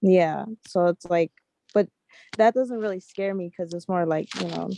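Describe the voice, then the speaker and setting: Low gravelly relaxed woman. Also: moderate pace, poor audio. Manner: full of "like" fillers, relaxed. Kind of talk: casual storytelling.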